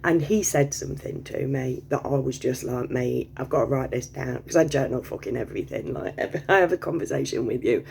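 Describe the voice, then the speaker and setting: A woman's voice: extremely low pitch, a little fast, gravelly, hardly any pauses, a little mellow, slight background noise. A woman vlogging in a casual, rambling monologue, swearing freely, digressing, and laughing often.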